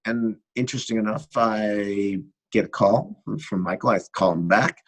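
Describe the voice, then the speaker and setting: Husky-voiced American man telling stories. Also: fairly low pitch, normal speed, poor audio. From United States. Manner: animated anecdotal storyteller who acts out dialogue. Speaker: guest cinematographer. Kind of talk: casual interview storytelling.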